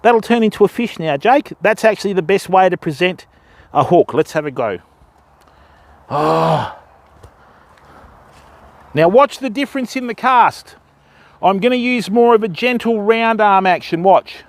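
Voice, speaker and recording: An Australian man with a fairly high-pitched voice hosts a live fishing stream outdoors. He chats easily with his viewers and walks them through baiting and rigging step by step. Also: animated, a little slow, long pauses. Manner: chatty, explains rigs to viewers step by step. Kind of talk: casual live-stream chat while fishing. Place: outdoors on a river bank at dusk.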